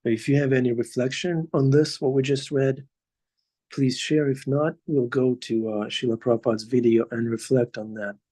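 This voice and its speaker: A man leading a devotional scripture class over a video call, talking in a halting way with many pauses. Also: medium pitch, fairly even intonation, warm tone. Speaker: class leader.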